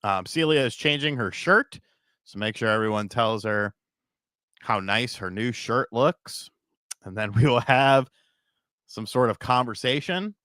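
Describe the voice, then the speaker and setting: Tired from little sleep, a man hosts a podcast livestream in a rambling, casual way, swearing, reading donations and laughing at his own bits. His medium-pitched voice is sharp in tone with a measured pace, in clean studio sound without echo.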